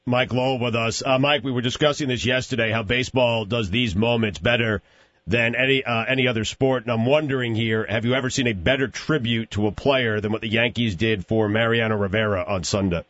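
A man's voice: mid-range voice, fairly even intonation, brisk, fairly bright tone, no room sound, lo-fi sound. A man co-hosting a talk radio show, introducing the guest and chiming in. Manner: brief agreeing interjections. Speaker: co-host.

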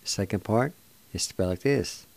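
An older man teaching words of his language on a radio show, slowly spelling and pronouncing each syllable with patient encouragement. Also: lowish voice, creaky, a little mellow. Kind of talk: slow spelling and pronunciation lesson.

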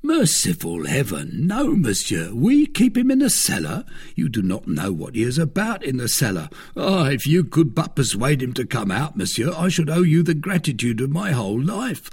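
A man reading a storybook aloud, voicing a fretful, grovelling middle-aged innkeeper who talks in an excited rush. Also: medium pitch, moderate pace, hardly any pauses, breathy edge. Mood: pleading.

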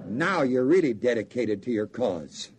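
Male preacher, sermon, slow delivery, animated, folksy and joking, quizzes the congregation. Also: medium pitch, slight background noise.

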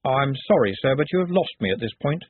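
A man's voice: mid-range voice, expressive, a little fast, slightly rough, no room sound, pitched above the performer's own voice. A man voicing a prim, precise male secretary who talks in a formal, literal, solemn way. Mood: earnest. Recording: dry, phone-like narrow sound.

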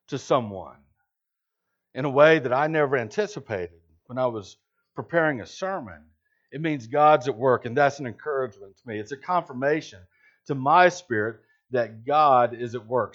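In a slightly dull lo-fi recording, a pastor preaches a sermon with a mid-range, somewhat bright voice. He is emphatic and full of rhetorical questions.

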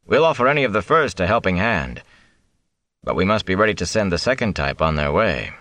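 A man reading an audiobook, voicing a stern, firm middle-aged farmer father who speaks in a measured way. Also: deep voice, sing-song, a bit bright, no room sound. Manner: measured, deliberate, brooks no argument. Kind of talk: audiobook character voice.

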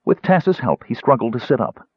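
A man reading a fantasy novel aloud as narrator with an expressive, dramatic delivery. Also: mid-range voice, normal speed, slightly rough, no echo, dull audio. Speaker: audiobook narrator. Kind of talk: scripted narration.

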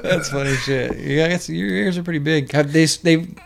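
A man's voice: a little high, normal speed, creaky, slight background noise. A man teasing his friends and swearing in a casual chat.

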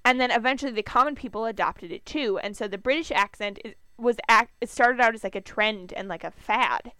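A woman's voice: fairly high pitch, fairly quick, pushed and bright, clean tone, no room sound. A young woman with a Minnesotan accent, co-hosting a podcast in a chatty, rambling way. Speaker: podcast co-host. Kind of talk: casual chat.

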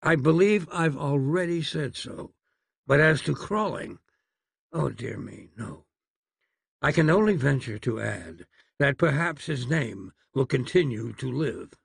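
A man's voice: medium pitch, animated, measured pace, vocal fry, husky, dry recording, clean studio sound, full character voice. A man voicing a fussy, courteous elderly doctor in a storybook reading. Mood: prim. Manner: prim, courteous, flustered.

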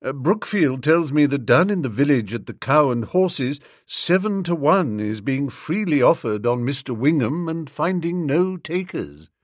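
A man voicing a middle-aged male valet who speaks in a formal, measured, unflappable way. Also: on the high side, animated, no room sound, clean studio sound. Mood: deferential.

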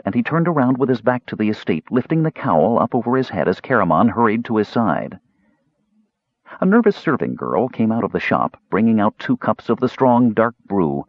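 A man narrates an audiobook in a lively, expressive storytelling voice with a husky edge. The recording sounds dull and lo-fi, with a dry, close sound. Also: lowish voice, no echo.

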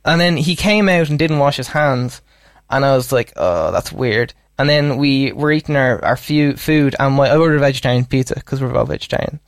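A man's voice: mid-range voice, fairly even intonation, a little fast, no echo, studio quality. A man co-hosting a podcast, telling rambling holiday anecdotes in casual chat and laughing often. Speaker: podcast co-host.

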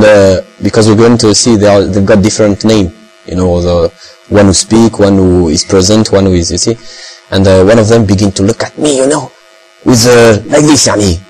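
A man's voice: lowish voice, normal speed, a little mellow, soft background music, low-quality recording. Man rambling with many fillers, hum behind. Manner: rambling, heavy use of fillers and Arabic phrases. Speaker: speaker recounting experiences. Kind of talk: casual talk in English.

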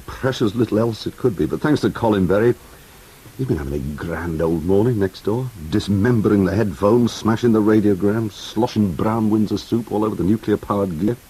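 Deep-voiced radio DJ, whimsical patter. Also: male voice, fairly quick, mellow, breathy edge, low-quality recording. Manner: chatty, whimsical, teasing asides. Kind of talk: early-morning radio patter. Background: music playing under the voice.

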